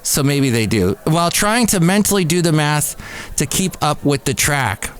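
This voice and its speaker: A man's voice: a little high, lively intonation, normal speed. A man in his fifties hosting a casual solo podcast from a café. He rambles through the news with self-deprecating asides. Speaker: podcast host. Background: faint background music.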